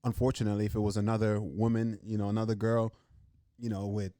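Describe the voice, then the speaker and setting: Animated guy, says "bro" a lot. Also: fairly low pitch, fast, dry recording, clean studio sound. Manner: animated, acts out fighters' lines. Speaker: podcast co-host. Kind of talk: casual sports chat.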